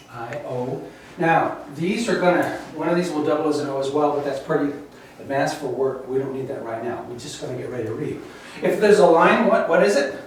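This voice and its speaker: A man teaching a Bible Hebrew class, patiently drilling letters and often checking in with the students. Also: a little high. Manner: patient, repeats "okay?" to check understanding; slow, careful letter-by-letter drilling. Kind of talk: classroom lecture. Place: classroom, recorded from the back. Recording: very echoey room, distant mic, faint noise.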